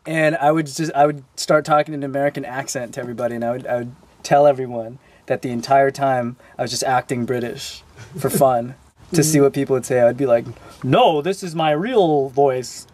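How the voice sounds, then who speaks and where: A young man answering fan questions in a relaxed, rambling way that is full of fillers. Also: medium pitch, quick pace. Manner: laid-back, loose, full of "like" fillers. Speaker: dance crew member answering fan questions. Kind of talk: casual Q&A.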